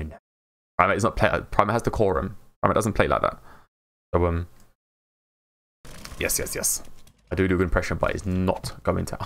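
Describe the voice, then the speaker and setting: A British man live streaming a game in casual chat, mumbling and slurring his words and laughing often. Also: deep voice.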